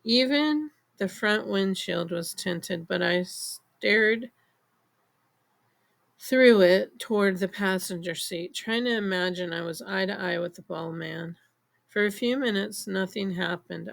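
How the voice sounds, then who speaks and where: A woman narrating a novel in the first person, in measured storytelling. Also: mid-range voice, vocal fry. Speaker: audiobook narrator. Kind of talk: scripted audiobook narration.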